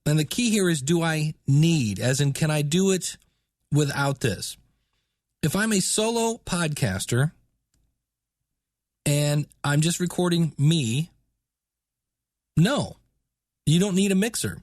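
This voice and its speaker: A man's voice: on the high side, expressive, slow, pauses often, darkish tone, dry recording, clean studio sound. Chatty podcast host man. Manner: chatty, explanatory, with filler words. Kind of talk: casual podcast talk.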